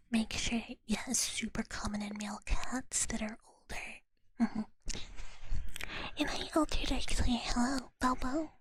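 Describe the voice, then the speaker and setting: A woman streamer whispering in a soft, giggly, chatty way as she talks with her chat during a live ASMR stream, in a whispered role-play. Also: a little high, low-quality recording.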